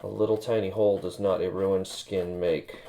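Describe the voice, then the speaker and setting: Casual streamer guy, very low gravelly voice, crude joker, faint hiss behind. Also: steady tone, moderate pace, warm tone. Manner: crude joking banter. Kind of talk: casual chat while working.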